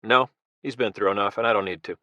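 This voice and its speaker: A man's voice: on the low side, fairly even intonation, quick pace, sharp tone, dry recording, highs cut off. A man voicing an intense American former Marine leader who speaks bluntly and earnestly.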